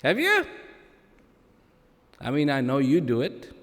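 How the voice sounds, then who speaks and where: Male speaker, unhurried and emphatic, swinging widely in pitch, playful humor, reverberant hall. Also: wildly swooping pitch, fairly bright tone. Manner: slow, emphatic, with playful humor and dramatic pauses. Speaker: speaker addressing an audience. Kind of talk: spoken address to a live audience.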